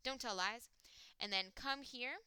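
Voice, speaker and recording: A woman teaching a recorded language lesson, explaining step by step with frequent fillers and slowing down to sound out words. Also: a little high, bright, forceful tone, clean tone, no echo. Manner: slows down to sound out words and sings a mnemonic. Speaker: Spanish teacher. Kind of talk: recorded classroom lecture.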